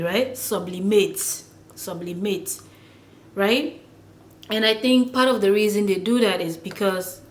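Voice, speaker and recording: Chatty woman teaching pronunciation, echoey room. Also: medium pitch. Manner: repeats words slowly, chatty with many fillers. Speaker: language teacher. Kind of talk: casual pronunciation lesson. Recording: echoey room with faint noise.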